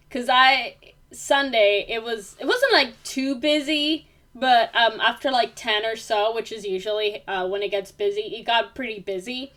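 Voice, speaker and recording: A young woman with a voice on the high side and a sharp tone vlogs in a casual venting monologue. She rambles with lots of fillers, growing heated and emphatic as the rant goes on.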